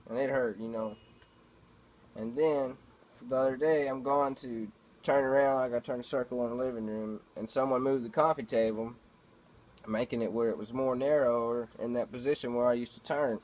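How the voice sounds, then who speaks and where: Over a rough recording, a man's mid-range, darkish voice holds a fairly even intonation at normal speed. Filming himself at home, the vlogger spins loose everyday stories, swearing and filling them with verbal fillers in an easygoing way.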